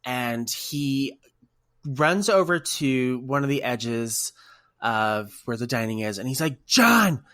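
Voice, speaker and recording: A man co-hosting a casual podcast, telling stories in an emotional, animated way. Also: medium pitch, slow pace, clean tone, no room sound, studio quality. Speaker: podcast co-host.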